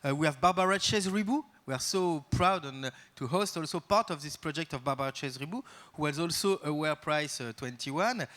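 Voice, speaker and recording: A man with a French accent opens an event as its host, speaking to a live audience in slightly high-pitched English. He is a native French speaker and improvises his welcome. His delivery is halting, full of pauses while he searches for the right English words. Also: a bit bright.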